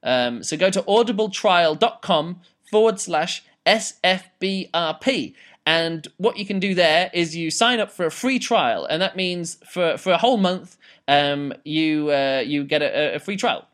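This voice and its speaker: A man's voice: on the high side, lively intonation, a little slow, fairly bright tone. A man hosting a podcast, reviewing a book in a loose, rambling way with many fillers and restarts. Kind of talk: casual spoken review.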